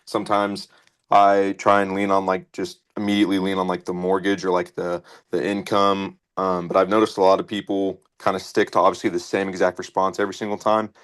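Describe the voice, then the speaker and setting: Fast, flat, low-voiced man asking a question. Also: clear, resonant tone. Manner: hesitant, filler-laden questioning. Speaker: sales agent asking a question. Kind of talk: casual question in a meeting.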